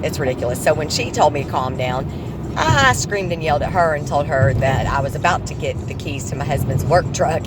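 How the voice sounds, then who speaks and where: A tired woman giving a casual vlog update while she drives, ranting heatedly about her trouble. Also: deep voice. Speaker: vlogger. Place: in a car. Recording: loud road noise in a car.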